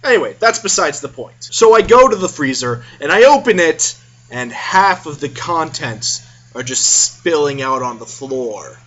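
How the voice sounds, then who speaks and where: Guy telling a funny story to his camera, kinda high and bright, joking asides, muffled lo-fi sound. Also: animated, a little slow. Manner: chatty, self-aware asides and pop-culture jokes. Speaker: vlogger. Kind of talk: casual comic storytelling to camera.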